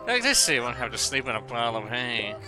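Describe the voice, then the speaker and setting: A man's voice: medium pitch, big pitch swings, fast talker, over music, lightly acted. A man voicing a polite female fox who is an estate caretaker in a game, reading her formal dialogue. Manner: formal, welcoming game dialogue read aloud.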